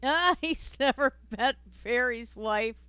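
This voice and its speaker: Casting: chatty, giggly woman streamer, slow-paced, dry lo-fi home mic. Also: fairly high pitch, bright, forceful tone, clean tone, no room sound. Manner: chatty, giggly, trails off into fillers. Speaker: let's play streamer. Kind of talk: casual gameplay commentary.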